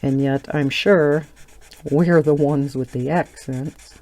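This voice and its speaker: A middle-aged woman from Wisconsin, USA, with a Wisconsin accent, hosts a coloring channel and rambles casually while she colors, laughing now and then. Her low voice is steady, slow, and dark in tone.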